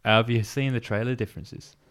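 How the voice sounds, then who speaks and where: A young man with a light Birmingham accent co-hosts a casual podcast. He talks in a chatty, self-deprecating way at a middling pitch. He often stumbles and restarts his sentences. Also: fairly even intonation, quick pace, fairly bright tone. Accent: light Birmingham English. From Birmingham, England. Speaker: podcast co-host. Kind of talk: casual chat.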